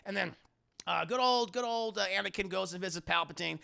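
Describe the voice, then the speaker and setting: A man with a gravelly, strongly creaky voice talks through a film scene by scene for a live chat. His tone is bright and forward, and his review is casual and full of swearing. He breaks into quick mock voices for the characters as he goes. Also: high voice, fairly even intonation. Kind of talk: casual spoiler review, profane and animated.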